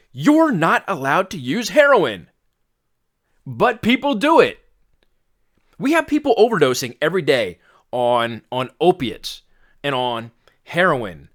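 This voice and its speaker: A man's voice: sits high, huge pitch swings, a little slow, long pauses, a bit bright. A man hosting a fitness podcast, giving a blunt, exasperated rant that includes some swearing. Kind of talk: ranting podcast monologue.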